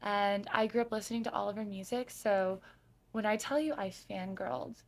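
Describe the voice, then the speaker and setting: A woman from Arizona talks as a guest on a podcast in a chatty, effusive way. Her voice sits at an ordinary middle pitch. She laughs easily and strings her thoughts together loosely, full of fillers. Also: fairly even intonation, moderate pace. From Sedona, Arizona. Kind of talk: casual interview chat.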